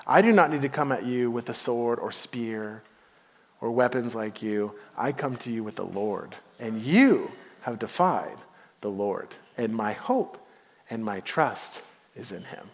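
A man voicing a calm, fearless young shepherd hero who declares firmly, in a hall with long reverb. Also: medium pitch, a little slow, voice pushed down. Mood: resolute.

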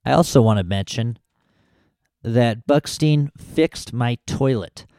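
A man's voice: medium pitch, slow, warm tone, no echo. A man hosting a podcast, talking casually and a little self-deprecatingly into a close microphone, with small restarts. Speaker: podcast host. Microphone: close studio podcast mic.

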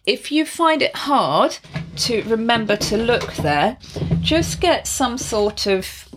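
A woman's voice: fairly high pitch, very animated, slow pace, noisy background. A woman presenting a friendly, explanatory lesson on video call skills, speaking casually to camera with small restarts and light laughs. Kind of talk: casual instructional talk to camera.

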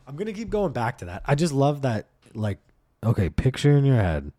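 A man's voice: medium pitch, big pitch swings, brisk, warm tone. A young man hosting a podcast, telling a comedic story as a profane, exasperated rant and acting out the voices of the people in it. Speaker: podcast host. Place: at home.

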